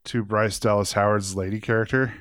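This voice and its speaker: A man's voice: lowish voice, fairly even intonation, fairly quick, fairly bright tone, dry recording, clean studio sound. A man co-hosting a podcast, joking wryly through a casual movie review. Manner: joking, wry, chuckling asides. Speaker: podcast co-host.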